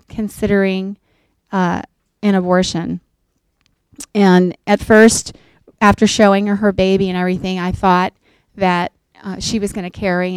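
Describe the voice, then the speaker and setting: A woman's voice: mid-range voice, clean tone, dry recording. A middle-aged woman giving an earnest faith-based talk to a group, telling a counseling story and acting out the voices of the people in it. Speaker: pregnancy center counselor speaking to a group.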